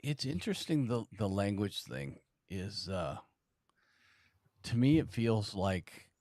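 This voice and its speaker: A man co-hosting a podcast in casual chat, speaking in a measured way with short replies. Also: on the low side, big pitch swings, darkish tone, dry recording, clean studio sound.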